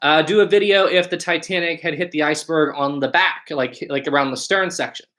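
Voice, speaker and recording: A man's voice: on the high side, fairly quick, bright, forceful tone. A man hosting a live stream, reading viewer questions aloud and answering them casually, thinking aloud as he goes. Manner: casual, thinks aloud with restarts and short laughs. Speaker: channel host.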